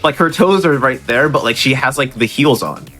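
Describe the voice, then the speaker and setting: Male gamer, mid pitch, loose self-mocking chatter, light music bed. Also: expressive, moderate pace, pushed and bright. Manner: laughing, rambling, self-mocking. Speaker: speedrunner. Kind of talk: casual commentary while playing.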